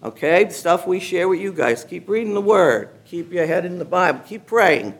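Animated, enthusiastic woman giving testimony. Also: fairly low pitch, normal speed. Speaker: church member giving testimony. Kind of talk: personal testimony to a congregation. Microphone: handheld mic at a gathering.

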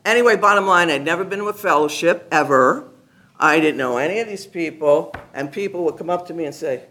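A man giving a personal testimony to a gathered group, an animated storyteller who acts out other people's lines and laughs often. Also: sits high, normal speed, noisy background. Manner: laughs often while talking. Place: meeting room with a gathered group.

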